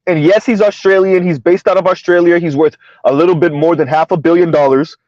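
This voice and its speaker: Speaking fairly quickly in a slightly high, darkish voice with fairly even intonation, a social commentator hosts his casual vlog. He laughs a lot and keeps checking in with "right?" The audio is dull, lo-fi, and dry.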